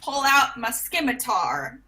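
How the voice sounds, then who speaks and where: A woman's voice: a little high, sing-song, takes it slowly, pushed and bright. A woman playing a tabletop game, speaking in a hesitant, tentative manner. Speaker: player. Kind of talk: casual tabletop game play.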